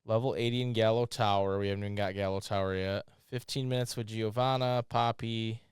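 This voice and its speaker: A man hosting a gaming video, giving rambling, jokey playthrough commentary, cursing freely and breaking into loud yelps. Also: fairly low pitch, fairly quick, clear, resonant tone, no echo, studio quality. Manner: excitable, swears freely, bursts into loud yelps. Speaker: gaming channel host.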